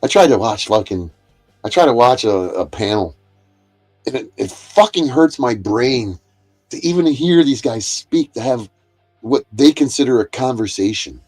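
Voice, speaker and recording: A livestream host with a mid-range, darkish voice and lively intonation delivers an angry, confrontational monologue at a moderate pace, full of profanity and constantly circling back on itself. Faint music plays behind him.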